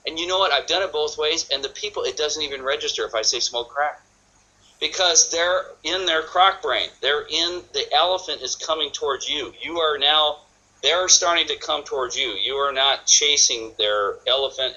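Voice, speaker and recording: A man leads a sales training session in an energetic, forceful voice that sits a bit high. He keeps acting out what customers think, quote by quote. The recording is dull and lo-fi. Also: normal speed.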